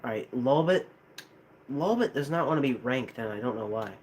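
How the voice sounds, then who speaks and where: A man's voice: medium pitch, expressive, moderate pace, a little mellow, a little hiss or hum. A young American man rambling casually to a live chat, hesitant, with many restarts. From United States. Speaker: streamer.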